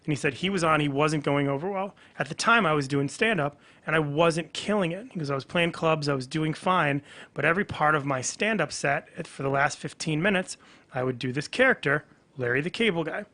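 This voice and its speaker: A comedian guest on a podcast, chatting casually and telling a story with lively acted-out dialogue. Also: male voice, a little high, fairly quick. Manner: animated storyteller, acts out quoted dialogue.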